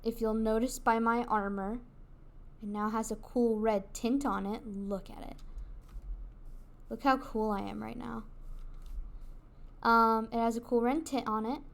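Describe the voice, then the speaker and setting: A woman's voice: a little high, fairly even intonation, measured pace, creaky, pauses often. A woman streaming a video game, chatting casually with her viewers in a giggly, rambling way. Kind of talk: casual gaming livestream chat.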